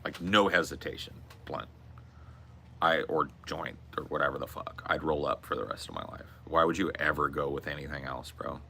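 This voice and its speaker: A man's voice: very deep voice, moderate pace, gravelly, pushed and bright, a little hiss or hum. A man hosting a podcast, telling a loose, profane, rambling story in casual chat. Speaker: podcast host.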